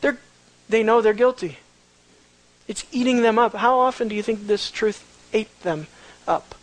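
A man preaching a verse-by-verse Bible teaching, animated and conversational, full of rhetorical questions. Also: high-pitched, takes it slowly, pauses often, rough recording.

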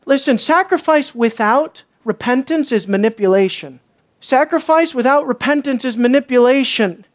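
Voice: high-pitched, animated, normal speed. A preacher delivering a sermon, repeating key lines and pressing the listeners with rhetorical questions. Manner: rhetorical questions and emphatic repetition.

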